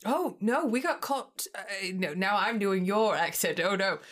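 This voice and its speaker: A woman's voice: medium pitch, moderate pace, a bit bright, lightly acted. A woman voicing a prim, overly polite woman adventurer who talks in a formal, flustered way.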